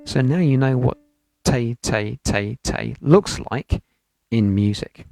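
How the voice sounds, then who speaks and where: A UK man teaching piano online from his home studio takes it slowly, his medium-pitched voice dark and full of vocal fry. Piano plays in the background as he chants rhythm syllables and patiently explains each step.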